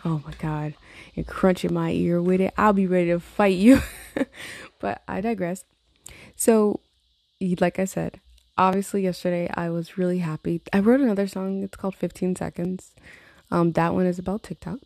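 A woman's voice: fairly low pitch, steady tone, normal speed, vocal fry, warm tone, dry recording. A woman, rambling in a casual vlog about her songwriting, swearing and laughing often. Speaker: songwriter vlogger. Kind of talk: casual chat to camera.

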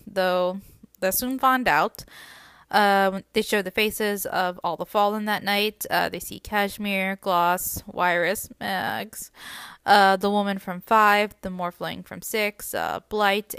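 A woman's voice: medium pitch, a bit bright, smooth, dry recording, studio quality. A woman hosting a book podcast, casually recapping chapters and reading passages aloud, with frequent ums and uhs. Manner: chatty, many ums and uhs.

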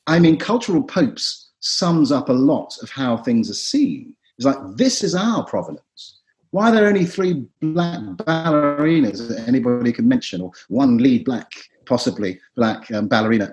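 Brief: middle-aged male actor, lively storytelling delivery, medium register. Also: mid-range voice. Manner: animated, theatrical storytelling. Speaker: actor and writer, podcast guest. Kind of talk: podcast discussion.

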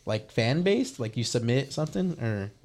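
A man's voice: medium pitch, big pitch swings, moderate pace, a little mellow. A man co-hosting a podcast in casual chat, laughing often, swearing freely and trailing off with "like". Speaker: podcast co-host.

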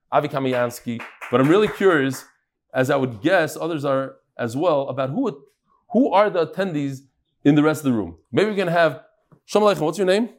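A man leading a daily Talmud class, his voice a little higher than most men's. He talks in a lively, jokey way and reads out listener messages to the people in the room. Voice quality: animated, jokey, quick shifts in pitch. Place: room with a live audience.

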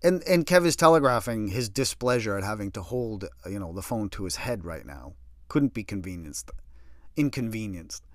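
Male storyteller, sardonic and lively, very expressive pitch, dry close recording. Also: moderate pace, no room sound. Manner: animated, sardonic, acts out other people's lines. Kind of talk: personal storytelling.

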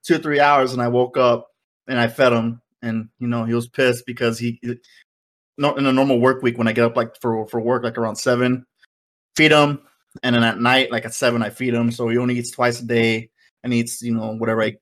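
A man's voice: medium pitch, little pitch movement, fairly quick, a bit bright. A man co-hosting a casual wrestling podcast, rambling with plenty of fillers. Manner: rambling, many fillers like "like" and "you know". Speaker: podcast co-host.

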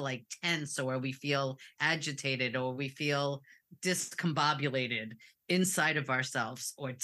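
A woman clinician explaining in a candid, personal way, in a casual talk. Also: deep voice. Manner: candid, personal, animated with laughs. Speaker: clinician and co-host.

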